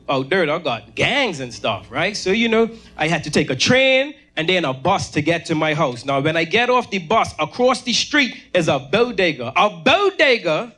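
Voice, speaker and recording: A man from Bermuda with a Bermudian accent doing stand-up, telling a story on stage into a handheld mic and shouting other people's lines in high, loud voices. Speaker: opening comedian. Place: comedy stage in a venue.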